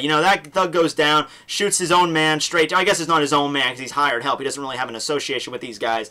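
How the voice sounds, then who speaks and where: A man's voice: on the high side, steady tone, fast, few pauses, sharp tone. A young man casually recapping a manga chapter, rambling with lots of fillers and restarts. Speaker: manga reviewer.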